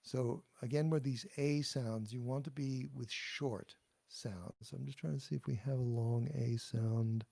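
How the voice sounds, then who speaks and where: A man teaching pronunciation in a patient, explanatory way, saying each phrase and then pausing for the listener to repeat. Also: medium pitch, fairly even intonation, vocal fry, dark tone. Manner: slow, patient and explanatory, demonstrating words then pausing for repetition. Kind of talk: pronunciation lesson, call and response.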